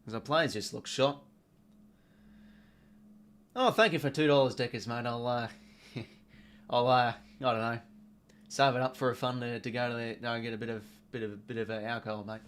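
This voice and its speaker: An Australian man hosts a live football watch-along in a loose, rambling chat. He sounds fed up, swears casually and keeps stopping to thank viewers for their donations. His voice sits at an ordinary middle pitch for a man. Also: moderate pace, pauses often, fairly bright tone, slight background noise.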